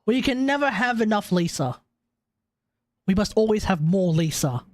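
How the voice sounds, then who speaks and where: A man's voice: sits high, expressive, moderate pace, darkish tone, a little hiss or hum. An Australian man streaming a game, chatting and joking in a casual, rambling way. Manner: chatty, joking, restarts often. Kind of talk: casual gameplay commentary.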